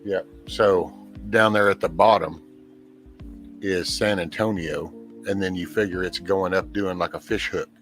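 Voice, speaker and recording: A man explaining things in a halting, step-by-step way. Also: low-pitched, steady tone, a bit bright, soft background music. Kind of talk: casual chat.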